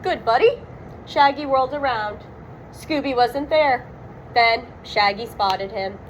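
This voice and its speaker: A woman narrates a children's storybook aloud in a high, bright register. She takes her time over every line. She gives the sound words real dramatic weight. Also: slow pace, slight background noise, low-quality recording. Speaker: storybook reader.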